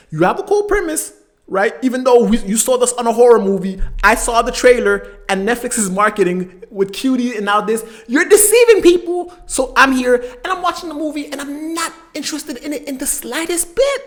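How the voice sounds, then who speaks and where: A man hosting a movie review channel, ranting with exasperation and sarcasm, swinging between loud outbursts and muttered asides. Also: high-pitched.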